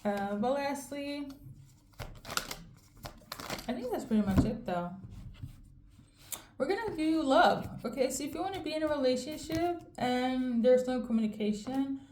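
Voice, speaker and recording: A woman giving a casual tarot reading in a rambling, fairly monotone way, often checking in with "okay?". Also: fairly high pitch, echoey room, slight background noise. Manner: monotone delivery. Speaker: tarot reader.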